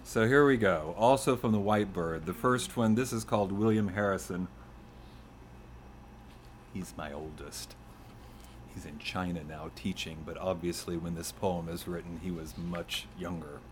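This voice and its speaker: A man's voice: low-pitched, measured pace, slight background noise. A middle-aged man talking casually to an audience, then reading his own poems aloud. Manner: conversational, self-deprecating, gently humorous. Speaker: poet reading his work. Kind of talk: poetry reading to a live audience.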